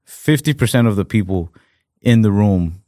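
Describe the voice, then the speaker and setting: A man's voice: on the low side, lively intonation, moderate pace, mellow, no room sound, studio quality. A young American man co-hosting a casual comedy podcast, rambling with lots of "like" fillers. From United States. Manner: rambling, heavy on fillers like "like" and "fucking". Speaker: podcast co-host.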